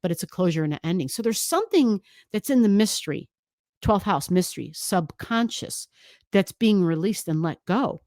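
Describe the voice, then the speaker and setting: A woman's voice: mid-range voice, animated, moderate pace, a little mellow, no echo. Chatty woman astrologer, dry sound. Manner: chatty, emphatic, many "right?" asides. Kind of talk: astrology forecast video.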